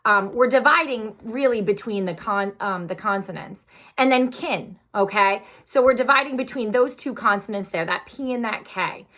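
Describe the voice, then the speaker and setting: A woman teacher giving a phonics lesson, patient and encouraging, speaking slowly and clearly. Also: mid-range voice, fairly bright tone.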